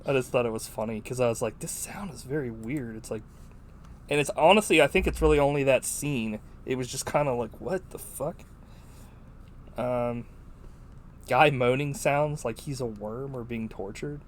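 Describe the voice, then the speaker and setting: A man rambles casually through a film discussion on a podcast, stacking up fillers and swearing freely. His voice sits at an ordinary middle pitch. A faint hiss runs under the recording. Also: normal speed. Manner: rambling, profane, full of "like". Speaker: podcast co-host.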